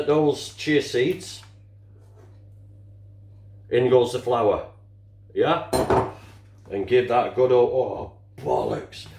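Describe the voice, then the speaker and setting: An older man talks slowly and chattily as he cooks, dropping the odd mild curse under his breath. His voice rings around an echoey home kitchen. Dishes and utensils clink faintly behind him. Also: medium pitch, darkish tone, a little hiss or hum. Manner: chatty, casual swearing, mutters while working. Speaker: home cook. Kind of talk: cooking demonstration.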